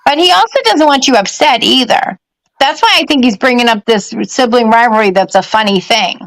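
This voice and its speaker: A woman's voice: fairly high pitch, fairly quick, fairly bright tone, no echo, low-quality recording. A woman doing psychic readings on a live stream in a chatty, laughing way, at home. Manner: chatty, laughing, talks to her pets. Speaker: psychic medium. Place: home during a power outage.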